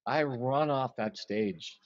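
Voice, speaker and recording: Male drummer telling a lively story. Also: medium pitch, slow pace, no room sound, highs cut off. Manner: animated storyteller, acts out quotes. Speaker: interview guest, drummer. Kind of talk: storytelling in an interview.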